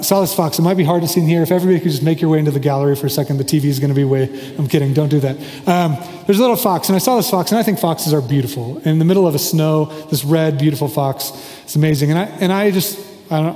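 Male pastor, slightly high mellow voice, relaxed storyteller with jokes, long hall reverb. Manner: relaxed storytelling with joking asides. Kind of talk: sermon.

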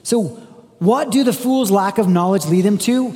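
A man's voice: sits high, normal speed, darkish tone, long reverb tail. A man preaching a sermon in a conversational way, reading scripture aloud with emphasis. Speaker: pastor.

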